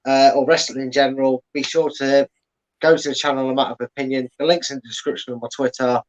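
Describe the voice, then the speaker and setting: A man's voice: mid-range voice, little pitch movement, fast. A man chatting casually as a guest, plugging his podcast and explaining at length with many fillers. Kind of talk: casual chat. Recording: slightly dull lo-fi audio.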